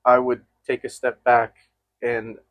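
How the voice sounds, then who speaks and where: Reflective young man, measured talk. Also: medium pitch, completely flat delivery, no room sound. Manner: reflective, measured, thinks aloud with fillers. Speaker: guest, host's best friend. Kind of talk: candid chat between friends.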